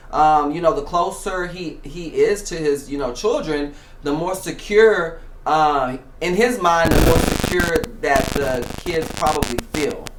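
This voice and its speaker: A man's voice: fairly high pitch, fairly bright tone. A man hosting a show, giving casual reality TV commentary in a chatty way, with many fillers and restarts. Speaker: show host. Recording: echoey room.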